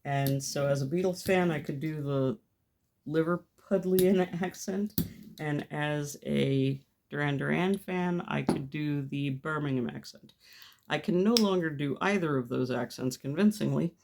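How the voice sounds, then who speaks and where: A woman's voice: low voice, normal speed, gravelly, a little mellow, slight background noise. A woman talking through a gel plate printing project as she works, chatty and self-deprecating, laughing often at herself. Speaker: mixed media artist. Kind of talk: casual crafting commentary. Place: home craft studio.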